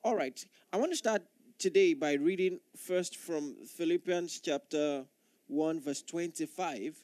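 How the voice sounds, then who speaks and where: A male pastor, his voice fairly high with a darkish tone, delivers an earnest sermon a little slowly, using repetition of phrases to stress his points. There's no room echo; the sound stays dry and close.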